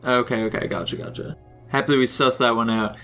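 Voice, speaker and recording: A man's voice: medium pitch, steady tone, fast talker, pushed and bright, faint music behind. A young man leading a casual podcast chat, asking questions in a teasing way and making crude jokes. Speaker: podcast co-host.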